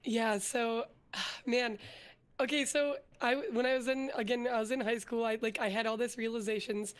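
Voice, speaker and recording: Her voice a little high and her pace moderate, a young vtuber and artist shares her story as a casual interview guest. She is earnest, uses many fillers, and gains energy over the course of the telling.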